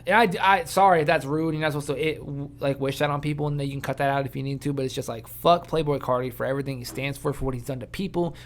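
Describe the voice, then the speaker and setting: A man's voice: medium pitch, quick pace, hardly any pauses. A man co-hosting a podcast in casual, profane, ranting chat. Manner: animated, swearing, ranting. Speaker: podcast co-host.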